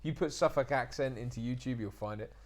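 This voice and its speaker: A man's voice: mid-range voice, a little fast. English man, chatty, RP accent. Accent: Received Pronunciation. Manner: animated, mimics regional accents. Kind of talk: casual chat.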